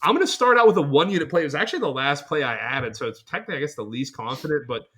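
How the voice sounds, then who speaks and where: A male podcast co-host with a Western Pennsylvania accent, talking in a loud, profane and joking way. His voice is bright and forward. He keeps dropping into quick impressions of other people. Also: on the high side, animated. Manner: profane, boisterous, jumps into exaggerated impressions. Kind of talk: casual chat.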